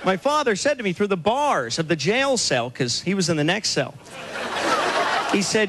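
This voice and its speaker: A man performing a stand-up comedy set on a club stage, firing off deadpan one-liners with sudden loud outbursts. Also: sits high, normal speed. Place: comedy club stage before a laughing audience. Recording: live club recording, loud crowd and noise.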